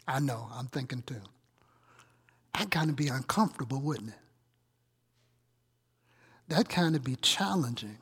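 A man preaching in a church, his fairly high voice husky and a little rough. He keeps it conversational, throwing questions and asides at his congregation. A long reverb hangs behind every word. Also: lively intonation, measured pace, pauses often. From Chicago. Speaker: pastor. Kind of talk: sermon. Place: church sanctuary.

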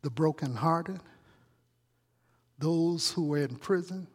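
A man's voice: on the high side, takes it slowly, breathy edge, long reverb tail. A male pastor preaching a conversational sermon, teasing his congregation with questions and asides. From Chicago. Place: church sanctuary.

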